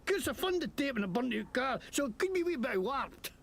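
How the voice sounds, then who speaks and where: A man's voice: very high-pitched, a little fast, slight background noise, full character voice. An actor playing a crude, foul-mouthed male wasteland crook with a put-on Scottish accent in a video game. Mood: defensive. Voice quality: gravelly, lively swings. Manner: brash, cursing, blustering.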